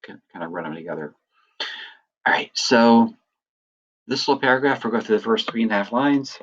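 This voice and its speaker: A man teaching a lesson, talking through examples in a relaxed, explaining way with lots of "uh" and "right". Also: medium pitch, a little fast, dull audio. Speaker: Greek teacher. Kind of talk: recorded lecture.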